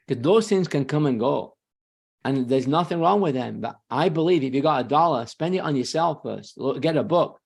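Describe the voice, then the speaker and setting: Gravelly self-assured man. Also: on the high side, a little mellow. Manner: confident, emphatic, quick self-corrections. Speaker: real estate sales trainer. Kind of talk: guest talk on a sales webinar.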